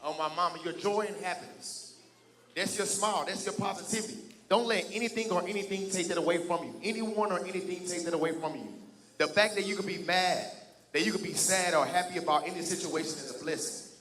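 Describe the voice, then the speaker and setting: A young man with a Southern Louisiana accent speaks to a hall of students, pushing them to answer back and repeat after him. His voice sits high and sounds bright and forward. He talks like a youth motivational speaker. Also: fast. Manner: energetic, call-and-response, hypes the crowd. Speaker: fitness group founder and motivational speaker. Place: large hall at a youth summit.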